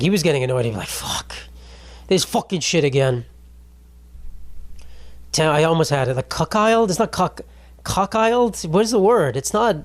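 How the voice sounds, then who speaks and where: A young man hosting a casual solo podcast, rambling and swearing, often mocking himself. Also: sits high. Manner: rambling, profane, self-mocking. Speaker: podcast host.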